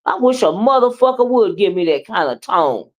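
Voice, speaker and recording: A woman doing livestream commentary, blunt, profane and animated as she trash-talks and chats with viewers. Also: medium pitch, moderate pace. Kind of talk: live commentary and chat with viewers.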